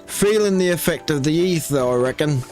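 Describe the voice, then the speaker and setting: A man's voice: on the high side, lively intonation, moderate pace, darkish tone, faint music behind, close to an everyday voice. A man reading as a folksy old peddler. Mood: reassuring. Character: chatty old male peddler, easygoing.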